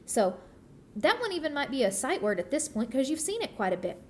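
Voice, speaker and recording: A woman's voice: high voice, sing-song, a little fast, slight background noise. A woman teacher giving a patient phonics lesson to young children, sounding out the parts of words.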